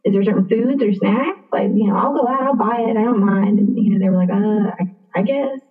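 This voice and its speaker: A woman's voice: mid-range voice, brisk. Chatty young woman on a tinny line. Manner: chatty, many fillers, acts out quoted dialogue. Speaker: interview guest. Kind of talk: casual personal storytelling.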